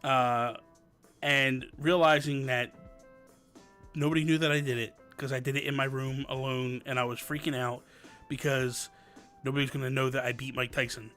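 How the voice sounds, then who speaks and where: A man's voice: mid-range voice, moderate pace. A man in his thirties hosting a live stream, answering viewer questions and telling stories that act out family dialogue. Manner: animated storyteller, acts out family dialogue. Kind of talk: casual live-stream chat and storytelling. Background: light background music.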